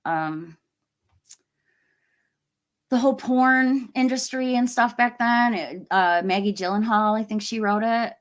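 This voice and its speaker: A woman's voice: fairly high pitch, takes it slowly, pauses often. A woman hosting a casual livestream, chatting with viewers and reading their comments, friendly and full of fillers and small laughs. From United States. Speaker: livestream host.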